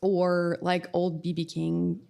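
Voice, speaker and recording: A middle-aged woman from Oklahoma talks as a podcast guest, recalling the past. Her voice sits slightly low. She takes her time with hesitant fillers and laughs easily as she tells each story. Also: completely flat delivery, slow, vocal fry, mellow. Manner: reflective, many um fillers, laughs while telling stories. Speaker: podcast guest, music professor. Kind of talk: casual interview storytelling.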